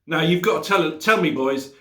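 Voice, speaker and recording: A man's voice: on the high side, expressive, normal speed, sharp tone, roomy sound, pitched above the performer's own voice. A man doing a fierce Irish mum. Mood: stern. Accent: put-on Irish. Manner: scolding, stern. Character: fierce Irish mother, middle-aged woman.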